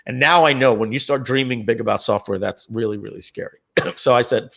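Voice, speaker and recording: A throat-clearing man telling a story. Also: medium pitch, brisk. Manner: animated, acts out the dialogue of others; restarts and repeats words. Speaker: company co-founder on a live Q&A stream. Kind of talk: casual storytelling.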